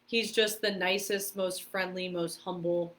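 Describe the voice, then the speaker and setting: A woman's voice: lowish voice, a little slow. Chatty, laughing woman telling stories. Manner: animated, laughing, many "like" fillers. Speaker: podcast guest, karate competitor and stunt performer. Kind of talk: casual storytelling interview.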